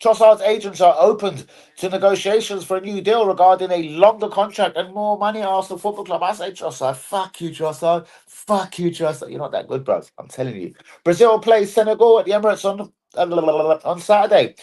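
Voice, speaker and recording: A man's voice: high voice, a little fast, a little mellow. A young man hosting a football fan live stream, chatting in a sweary, jokey, rambling way. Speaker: football fan channel host. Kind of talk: casual live-stream chat.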